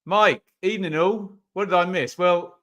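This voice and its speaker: Bright-voiced man commentating live. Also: high voice, normal speed. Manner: chatty, reads viewer comments aloud. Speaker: football watch-along streamer. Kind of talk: live match commentary and chat.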